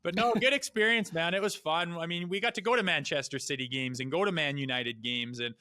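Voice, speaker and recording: Bright, dry-voiced man telling stories. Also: a little high, a little fast, no echo. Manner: blunt and profane, with animated asides. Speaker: podcast guest, retired hockey player. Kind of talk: casual storytelling.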